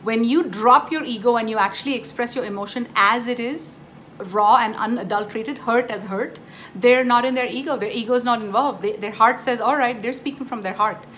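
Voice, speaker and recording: A woman's voice: on the high side, fairly quick, fairly bright tone, slight background noise. A woman giving a casual spiritual teaching, telling stories emphatically and addressing her viewers directly. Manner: emphatic, storytelling, addresses viewers as "you guys".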